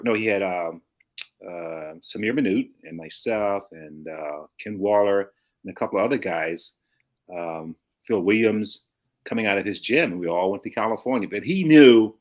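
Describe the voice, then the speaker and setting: Older man telling stories, low voice. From St. Louis, USA. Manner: rambling anecdotes with frequent restarts, chuckles. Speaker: guest. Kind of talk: casual storytelling.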